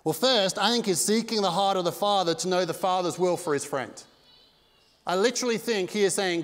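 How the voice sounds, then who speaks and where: Man, pastor, sermon, fairly high voice, earnest conversational preaching, long church-hall reverb. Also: brisk, a bit bright. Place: church sanctuary.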